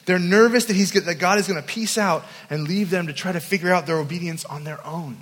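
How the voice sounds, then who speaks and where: A man preaches to young people at a camp, weaving in humorous, self-deprecating stories. His voice sits high for a man. The sound carries a long, lingering hall reverb. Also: fairly quick, a bit bright. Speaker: youth camp speaker. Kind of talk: storytelling sermon.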